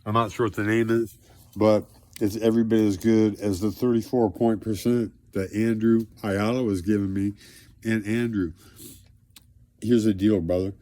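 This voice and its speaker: A man with a low, monotone voice talks straight to the camera in a long, rambling monologue. His delivery swings between loud declarations and low mumbling. The sound is dry and close. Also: normal speed, no echo. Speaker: vlogger addressing a celebrity.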